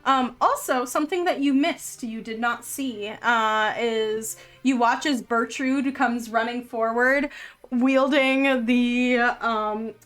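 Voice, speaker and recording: A woman who, as game master, narrates a tabletop game in an unhurried, descriptive storytelling way. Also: fairly high pitch, fairly bright tone.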